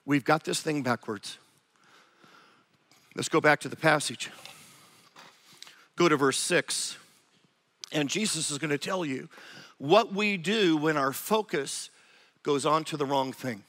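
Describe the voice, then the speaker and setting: A man preaching a sermon, animated and acting out quoted voices of spouses. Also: a little high, unhurried, pauses often. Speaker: pastor.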